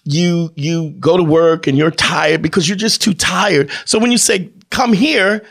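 A man's voice: on the high side, moderate pace, vocal fry, fairly bright tone. A man talking as a podcast guest in casual, opinionated chat, emphatic and prone to repeating himself and restarting phrases.

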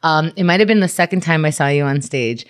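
A woman comedian chatting casually, telling animated stories with frequent laughter. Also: deep voice, quick pace. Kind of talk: casual chat.

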